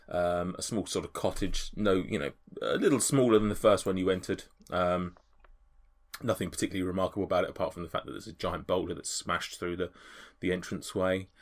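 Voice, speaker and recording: A man narrating a tabletop game as game master, rambling and hesitant with many ums. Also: low voice.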